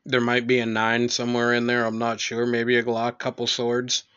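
A young man co-hosting a casual podcast, swearing freely and joking with dark humor. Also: mid-range voice, monotone, moderate pace, smooth. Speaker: podcast co-host. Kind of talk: explicit casual chat. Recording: dull lo-fi recording.

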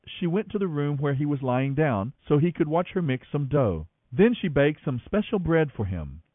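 A man reading a Bible story aloud as scripted narration, with an expressive storytelling manner, over a tinny radio line. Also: on the high side, no echo. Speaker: Bible reader on a radio program.

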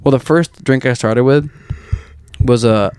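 A man's voice: mid-range voice, measured pace, a little mellow, clear, resonant tone. A man in his twenties hosting a casual chat, telling rambling stories full of swearing. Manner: rambling, profane storytelling.

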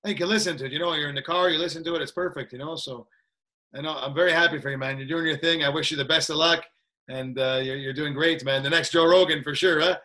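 A man chatting as a podcast guest in an easygoing, energetic way, laughing often and tagging his sentences with "that's it". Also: fairly high pitch, fast talker. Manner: energetic, laid-back, laughs a lot, repeats "that's it". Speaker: guest, combat sports trainer. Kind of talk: casual interview chat.

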